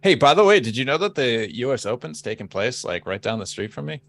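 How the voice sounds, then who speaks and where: A man's voice: mid-range voice, very animated, fairly quick, vocal fry, fairly bright tone. A man with a Boston accent co-hosting a podcast, patiently explaining things in casual chat. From Boston, United States. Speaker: podcast co-host.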